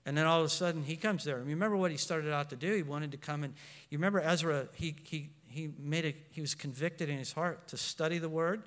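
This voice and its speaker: A middle-aged man preaching a sermon as pastor, animated and storytelling, with frequent restarts. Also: a little high, fast. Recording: long hall reverb.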